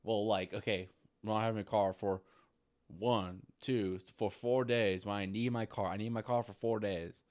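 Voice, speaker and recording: A man with a somewhat low voice vents in a rambling vlog monologue. He is exasperated and repetitive. He swears in nearly every line and keeps tacking "dude" onto his sentences. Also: fairly even intonation, normal speed, a little mellow. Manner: frustrated ranting, heavy swearing, repeats "dude". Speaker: vlogger. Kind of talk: venting monologue.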